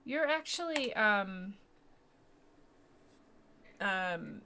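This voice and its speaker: A woman's voice: medium pitch, big pitch swings, drawn-out words, pushed and bright, a little hiss or hum. A woman narrating as game master of a tabletop game, rambling and self-deprecating, with many fillers and restarts.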